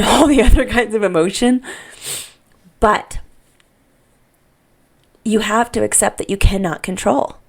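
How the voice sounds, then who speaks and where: A woman's voice: mid-range voice, vocal fry. A middle-aged woman hosting a parenting podcast, speaking unscripted and earnestly, often repeating herself as she searches for words. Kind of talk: unscripted heartfelt podcast monologue.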